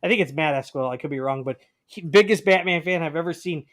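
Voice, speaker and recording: A man co-hosting a casual podcast, talking in halting stops and restarts. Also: on the high side, fairly bright tone. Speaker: podcast co-host. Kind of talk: casual chat.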